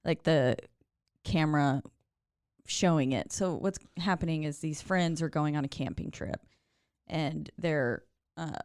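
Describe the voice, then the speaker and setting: A woman's voice: deep voice, unhurried, a little mellow, dry recording, clean studio sound. A woman co-hosting a horror movie podcast in a laid-back, casual chat, swearing and laughing often. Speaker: podcast co-host.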